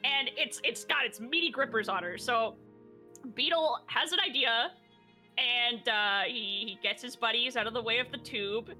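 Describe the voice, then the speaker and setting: A woman recapping a tabletop game session in casual narration, animated and laughing, often swearing and acting out quotes. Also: a little high, moderate pace, soft background music.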